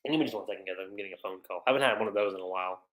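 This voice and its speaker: A host retelling a manga chapter on a casual livestream, chatty and quick to laugh. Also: low voice, a bit bright, echoey room. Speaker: manga reviewer.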